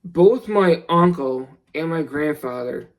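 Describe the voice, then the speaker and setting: A young man telling a personal story in a vlog, earnest and somber, halting with many restarts. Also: a little high, lively intonation, poor audio. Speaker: vlogger.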